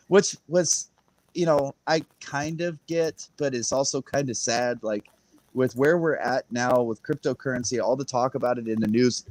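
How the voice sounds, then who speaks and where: A man with a medium-pitched, slightly mellow voice appears as a guest on a crypto livestream. Chatting casually, he wanders through a story, laughs often and acts out quoted voices.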